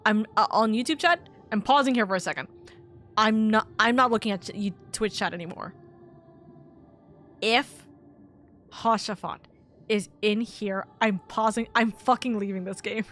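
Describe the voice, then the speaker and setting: A woman's voice: medium pitch, moderate pace, pauses often, fairly bright tone. A young woman streamer chatting casually while playing a game; she swears a lot and her voice jumps up when she gets upset. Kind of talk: casual gameplay chat.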